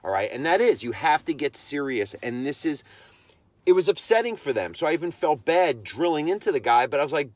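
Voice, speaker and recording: A man's voice: a little high, sing-song, fairly quick, no room sound. A man who trains dogs, hosting his own podcast and delivering a blunt, impassioned monologue. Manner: impassioned ranting, blunt and emphatic. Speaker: podcast host and dog trainer.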